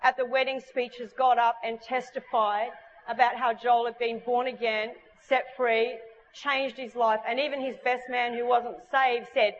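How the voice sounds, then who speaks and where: High-voiced woman preaching a sermon. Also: measured pace, lo-fi sound. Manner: animated storytelling. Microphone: stage microphone.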